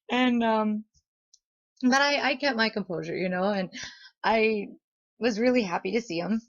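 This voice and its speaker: A young woman recounts a story in a casual vlog, chatty and giggly, slipping into the voices of the people she quotes. Her voice sits a little high. The recording is dull and lo-fi. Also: a little slow, vocal fry, no echo. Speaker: vlogger.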